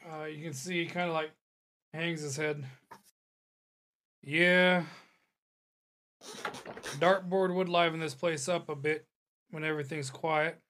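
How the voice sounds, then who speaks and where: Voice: medium pitch, steady tone, slow pace, pauses often, a bit bright, a little hiss or hum. A game master describing scenes for a tabletop roleplaying game in a loose, rambling way. They often stop to search for words and laugh along with the players.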